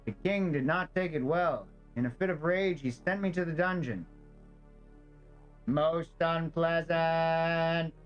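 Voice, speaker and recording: A man voicing a weary male soldier whose head lives on a mechanical body, read in a stiff, flat robot-like way. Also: a little high, takes it slowly, clear, resonant tone, lo-fi sound, soft background music. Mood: grave.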